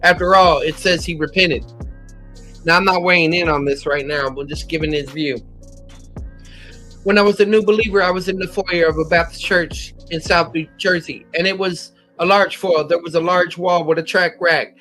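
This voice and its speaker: Bright, high-voiced American man teaching scripture. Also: fairly even intonation, moderate pace, soft background music. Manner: methodical, cites chapter and verse, occasional slips. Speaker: Bible teacher. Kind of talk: scripture lesson.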